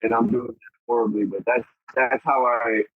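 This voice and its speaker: A man's voice: mid-range voice, steady tone, moderate pace, slightly rough, no echo. A man from Texas, a podcast guest, chatting casually in a rambling, easygoing way over a remote call. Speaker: podcast guest, apparel brand owner. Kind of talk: casual chat. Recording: tinny phone-like remote line.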